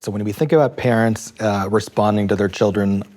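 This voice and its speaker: A man explaining, in a calm and measured way, how parents respond to a child's stress. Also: lowish voice. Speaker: child mental health expert. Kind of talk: explanatory interview.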